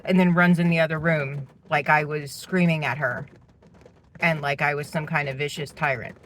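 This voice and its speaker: Middle-aged woman, lowish voice, exasperated storyteller, light background noise. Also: steady tone, moderate pace, a bit bright. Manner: indignant, venting storyteller. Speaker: parent telling a personal story. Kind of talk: personal vlog monologue.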